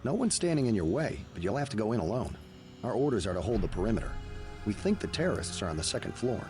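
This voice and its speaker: A curt soldier holding a perimeter in a video game, speaking fast in a lowish voice with a lively rise and fall. Game music plays clearly underneath. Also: male voice. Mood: cautious. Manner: curt, military. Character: male soldier guarding a hotel perimeter. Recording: game dialogue over game music.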